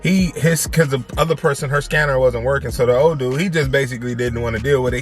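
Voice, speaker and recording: Animated man telling a storytime. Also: medium pitch, fast talker, few pauses, faint music behind. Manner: animated, repeats phrases for emphasis; slangy, conversational. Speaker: family vlogger. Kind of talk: casual storytime to camera.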